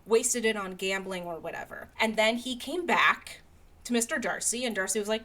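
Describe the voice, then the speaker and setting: A woman's voice: a little high, moderate pace. Chatty young woman recapping a story. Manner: chatty, frequent "like", animated storytelling. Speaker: podcast co-host. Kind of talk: casual chat, story recap.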